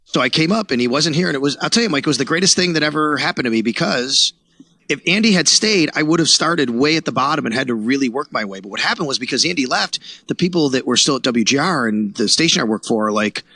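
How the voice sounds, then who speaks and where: Fast, gravelly man telling his story. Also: medium pitch, no room sound. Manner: animated storyteller who acts out quotes, laughs. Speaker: guest, sports radio reporter. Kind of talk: storytelling interview.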